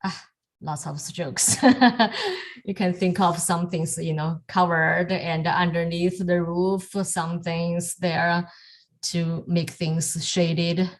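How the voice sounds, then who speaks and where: A woman with a lowish voice teaches calligraphy over a video call at an unhurried pace. She talks in halting pieces and often stops to restart a thought. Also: little pitch movement. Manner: halting, many fillers and restarts, soft laughs. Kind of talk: online lesson demonstrating strokes.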